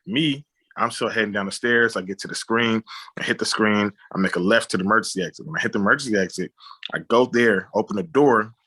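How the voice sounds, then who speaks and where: A man's voice: fairly low pitch, fast talker, bright, forceful tone, breathy edge. A man, a film director, telling a personal story on a podcast, acting out sound effects and often saying "you know what I'm saying".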